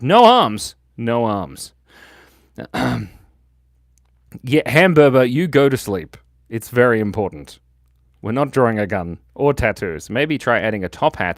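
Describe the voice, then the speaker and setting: A man's voice: mid-range voice, no echo, clean studio sound. Playful man drawing live with chat. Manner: playful, reads chat comments aloud, giggles often. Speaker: livestream host drawing with chat. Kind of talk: casual live-stream chat.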